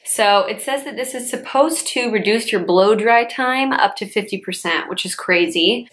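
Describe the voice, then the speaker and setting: A woman's voice: mid-range voice, fairly bright tone. A young woman in her twenties, a chatty beauty vlogger reviewing hair care products with lots of casual fillers.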